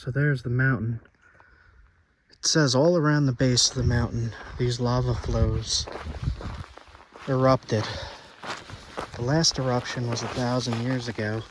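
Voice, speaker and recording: An out-of-breath man narrates his hike in a loose, rambling way, often losing the end of a sentence. He speaks unhurriedly, at a middle pitch. A faint hiss sits under the outdoor recording. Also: a little slow, pauses often. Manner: relaxed, rambling, trailing off mid-sentence. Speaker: outdoor vlogger. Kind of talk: casual outdoor vlog commentary. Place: outdoors on a volcanic hillside.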